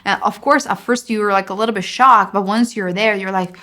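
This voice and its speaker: A young female singer chats to camera about her experiences. Her speech wanders, with many fillers, and she gets animated as the stories build. Her voice sits at a middle pitch for a woman. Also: a little fast. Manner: rambling, filler-heavy, animated storytelling. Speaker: singer and songwriter. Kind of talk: casual storytelling to camera.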